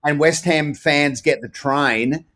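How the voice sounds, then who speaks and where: A man with an Australian accent, a podcast co-host chatting casually and telling animated sports stories. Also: a little high, slow pace. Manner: animated storyteller, sings chant snippets. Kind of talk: casual chat.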